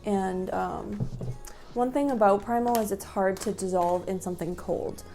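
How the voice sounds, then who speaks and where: A woman's voice: medium pitch, unhurried, mellow, faint music behind. A young woman vlogging at home in a chatty, upbeat way with lots of ums. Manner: upbeat, chatty, filler-heavy. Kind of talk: casual vlog chat.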